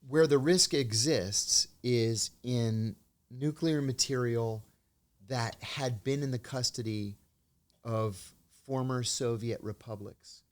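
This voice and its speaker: Mężczyzna z amerykańskim akcentem opowiada anegdoty w rozmowie, swobodnie i gawędziarsko, głosem o przeciętnej wysokości. Czasem odgrywa kwestie innych osób ze swojej historii. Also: male voice, mid-range voice, slow. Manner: anecdotal, acts out quoted dialogue. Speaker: interview guest, former intelligence officer. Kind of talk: storytelling in a conversational interview.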